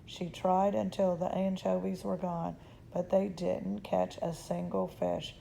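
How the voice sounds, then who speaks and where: A woman reading a children's chapter book aloud in a calm, measured way. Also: fairly low pitch, creaky, a little hiss or hum. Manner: calm, measured, occasional restarts.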